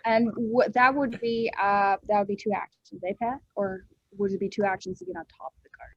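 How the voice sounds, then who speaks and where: A woman's voice: medium pitch, steady tone, brisk, a bit bright, dry recording, lo-fi sound. A woman playing in a tabletop game, hesitantly asking rules questions. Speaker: player. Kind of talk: casual tabletop play.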